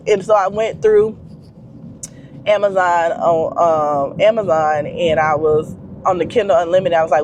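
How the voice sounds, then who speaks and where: A woman's voice: on the low side, brisk, darkish tone, slight background noise. A woman vlogger with a stuffy nose, rambling in casual chat straight to her viewers.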